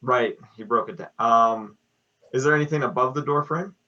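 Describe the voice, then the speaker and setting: A man's voice: medium pitch, normal speed, sharp tone, dull audio. A man playing a tabletop game who talks hesitantly, thinking aloud about his moves. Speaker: player. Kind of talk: casual game talk.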